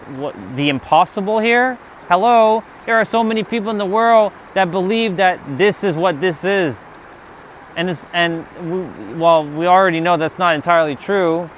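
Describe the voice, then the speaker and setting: Man, slightly high voice, casual spiritual vlog rant, swears freely, faint outdoor noise. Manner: animated, swears, talks to God in mock dialogue. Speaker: spiritual vlogger.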